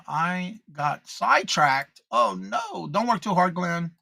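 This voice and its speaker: A man co-hosts a morning live stream in a bright, slightly high voice, recorded dry and close. He chats casually, reads viewer comments aloud and welcomes each viewer by name with the same greeting, all in an upbeat tone. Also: big pitch swings, a little slow, gravelly, hardly any pauses, breathy edge, no echo.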